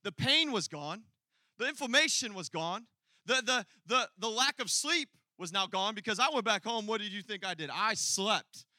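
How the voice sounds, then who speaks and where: A man's voice: sits high, lively intonation, moderate pace, sharp tone, no echo. A man preaching a sermon to a congregation, telling a story with laughter and asides to the crowd. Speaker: pastor. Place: church hall before a congregation.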